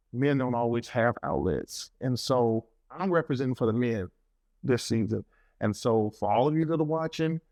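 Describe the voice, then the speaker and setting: A man's voice: mid-range voice, gravelly, darkish tone, dry recording. A middle-aged man co-hosting a podcast, talking enthusiastically with small stumbles. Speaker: podcast co-host. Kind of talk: podcast talk with sponsor plug.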